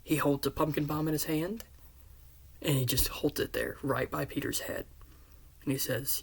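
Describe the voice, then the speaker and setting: Husky man retelling a story. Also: mid-range voice, fairly even intonation, normal speed. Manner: earnest, drops into hushed half-whispers. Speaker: fan pitching a series. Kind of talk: casual retelling of a story pitch.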